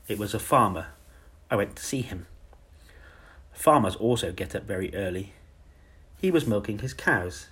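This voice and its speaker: A man voicing a timid, kind young woman teacher in a soft, modest, earnest manner. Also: fairly low pitch, breathy edge, exaggerated voice.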